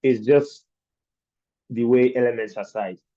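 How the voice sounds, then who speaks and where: A man's voice: mid-range voice, measured pace, dark tone, no echo, muffled recording. A man teaching design principles in a virtual training session, explaining patiently and asking rhetorical questions of his class. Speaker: design instructor.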